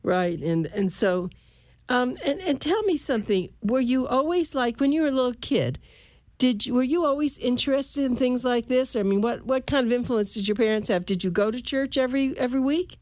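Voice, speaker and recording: A woman hosting an interview, asking halting questions with many fillers. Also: high-pitched, animated, darkish tone, no echo, clean studio sound. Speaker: host. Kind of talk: interviewing a guest.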